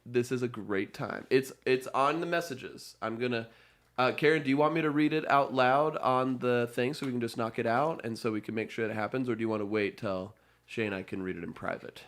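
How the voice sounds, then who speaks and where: A man's voice: medium pitch, a little fast. A man hosting a live improv comedy stream, chatting casually and reading viewer messages aloud. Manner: rambling, reads chat messages aloud. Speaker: improv show host.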